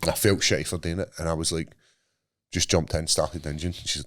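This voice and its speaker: Deep-voiced Scottish man, dry close mic. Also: a little fast, no echo. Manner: swearing, storytelling, animated asides. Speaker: podcast co-host. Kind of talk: casual chat. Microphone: studio mic.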